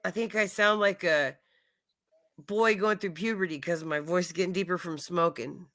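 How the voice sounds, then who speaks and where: A woman's voice: on the low side, a bit bright. A woman hosting a live chat panel, talking casually in a laid-back way with a scratchy voice that slurs a little. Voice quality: scratchy, slurring. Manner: laid-back, quick to laugh.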